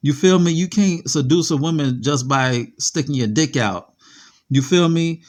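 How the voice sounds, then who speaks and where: A man with a fairly high voice talks casually on his podcast, streetwise and loose. He keeps checking in with his listener as he sets up a story. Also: moderate pace. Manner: streetwise, repeats "you feel me". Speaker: podcast host. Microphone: voice message pieced into a podcast.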